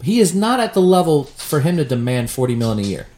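A man ranting about football in a casual, profane chat, getting animated as he goes. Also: a little high, fast, reverberant. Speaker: podcast co-host.

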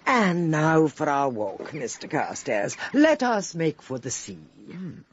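An actress playing a shrewd, commanding older woman detective in a vintage radio drama, crisp and assured. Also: sits low, big pitch swings, takes it slowly, heavily acted. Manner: crisp, assured, dryly authoritative. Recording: dull old radio recording with faint hiss.

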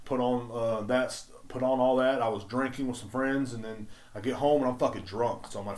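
A man's voice: medium pitch, fairly quick, few pauses, darkish tone. Swearing, rambling male podcaster. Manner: rambling, heavy swearing, emphatic outbursts. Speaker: podcast host. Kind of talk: casual profane rant.

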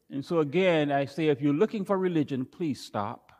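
Man, pastor, high-pitched voice, emphatic sermon delivery, repeats phrases, long church-hall reverb. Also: normal speed, hardly any pauses. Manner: emphatic preaching, repeats phrases, rises to near shouting.

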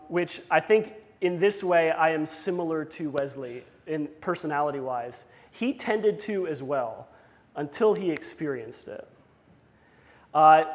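Chatty pastor man in a reverberant hall. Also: on the high side. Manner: conversational, self-deprecating asides. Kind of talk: sermon.

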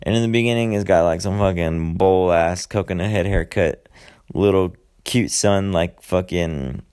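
A man's voice: low-pitched, normal speed, a little mellow, clean tone. A man hosting a podcast, loosely recapping a movie in a rambling, profane way, swearing constantly and drifting into asides. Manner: loose storytelling with many fillers and asides. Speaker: podcast host.

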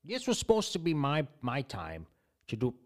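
A man's voice: mid-range voice, wildly swooping pitch, normal speed, a little mellow. A young man co-hosting a casual comedy podcast, exasperated and stammering, often repeating his words. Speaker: podcast co-host.

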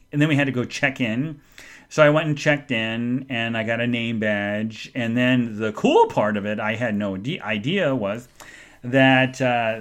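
A man's voice: mid-range voice, fairly bright tone. A man hosting a podcast, telling a long casual story in a chatty, rambling way and acting out the voices he quotes. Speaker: podcast host.

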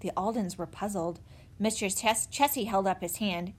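A woman reading a children's chapter book aloud in an expressive, animated way. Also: medium pitch, moderate pace. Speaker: narrator. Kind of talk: storybook read-aloud.

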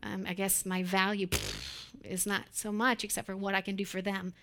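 A woman preaching a sermon, often breaking into quick laughs and acting out the voices of the people she describes. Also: medium pitch, gravelly. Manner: acts out quoted voices with animated, laughing asides.

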